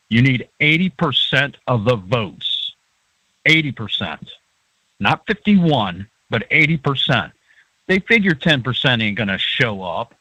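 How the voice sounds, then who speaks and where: A man's voice: medium pitch, bright, forceful tone, dry recording, poor audio. A man who is a guest on a radio talk show, explaining in a lecturing way and often checking in with "okay".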